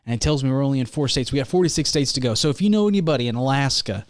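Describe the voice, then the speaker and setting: A young man hosting a solo comedy podcast, rambling and hyped as he pitches his plan to listeners with mock-rallying energy. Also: lively intonation, racing, no room sound, clean studio sound. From Missouri. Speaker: podcast host.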